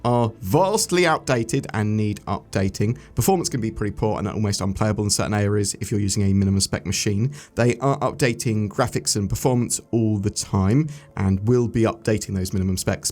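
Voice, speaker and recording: A man's voice: lowish voice, moderate pace. Enthusiastic man hosting gaming news. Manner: chatty, enthusiastic, lively sign-off. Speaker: gaming YouTube host. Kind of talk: video game news update.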